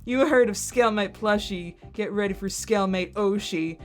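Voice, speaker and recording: A young adult woman streaming from her computer, chatting casually and excitedly, rambling with lots of fillers and frequent giggles. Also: medium pitch, normal speed, soft background music. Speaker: streamer reacting to content. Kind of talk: casual chat while screen-sharing.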